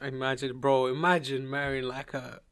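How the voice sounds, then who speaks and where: A man's voice: medium pitch, flat delivery, normal speed, fairly bright tone, smooth, dry recording. A young man with a close mic, joking crudely, swearing and giggling through casual banter. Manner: giggly, jokey, swears a lot.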